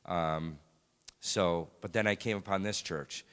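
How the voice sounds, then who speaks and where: A man sharing a personal faith testimony in a church, speaking in a halting, reflective way with many pauses and fillers. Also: low-pitched, fairly even intonation, a bit bright, clear, resonant tone. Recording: long hall reverb.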